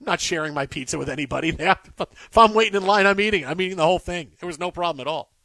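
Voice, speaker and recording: Animated high-voiced man ranting. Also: fast talker, no room sound, clean studio sound. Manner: animated, repeats himself, rants. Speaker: sports talk host. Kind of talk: casual sports radio banter.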